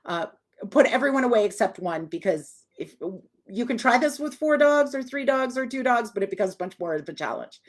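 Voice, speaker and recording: A woman's voice: a little high, lively intonation, fairly quick. Chatty woman dog trainer teaching live. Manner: chatty and direct, acts out dog voices. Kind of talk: live online training lesson.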